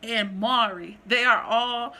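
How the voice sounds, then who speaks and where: A woman vlogger chatting casually and rambling through a ranked list, animated and full of slang. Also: a little high, takes it slowly. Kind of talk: casual chat, ranking list.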